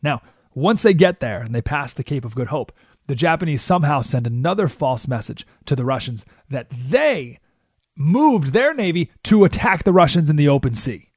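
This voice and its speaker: A man hosting a political talk radio show, telling a story in an animated way and often asking "right?" into a studio microphone. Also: fairly high pitch, normal speed, slightly rough, no room sound.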